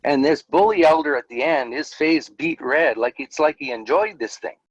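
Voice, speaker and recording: A man's voice: on the high side, normal speed, no room sound, highs cut off. A middle-aged man, candidly telling his personal story as an interview guest, with frequent fillers.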